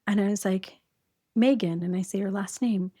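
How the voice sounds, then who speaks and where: A woman in her forties from Arizona, telling her story in a casual podcast interview with animated, quick delivery. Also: mid-range voice, dry recording, studio quality. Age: 40s. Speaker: podcast guest.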